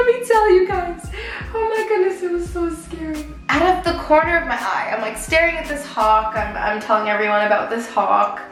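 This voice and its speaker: Young woman, twenties, casual storytime vlog, animated and filler-heavy, faint music under a roomy echo. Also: high-pitched. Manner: animated, chatty, many "like" fillers. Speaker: beauty vlogger. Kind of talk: casual storytime vlog while doing makeup.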